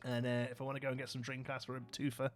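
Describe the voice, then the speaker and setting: A Brummie-accented man from Birmingham, England hosts a live gameplay stream, chatting casually, laughing often and answering viewer comments. His mid-range voice is monotone and racing.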